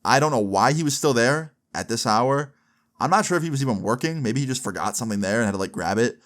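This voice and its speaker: A young man in his twenties tells a funny story in a loose, casual way. He is animated and comic, and he swears often. His voice sits at a middle pitch. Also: fast.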